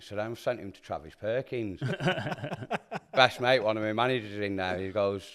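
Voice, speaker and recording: A man's voice: lowish voice, fairly quick, fairly bright tone. A man telling a mischievous prank story in casual banter, swearing freely.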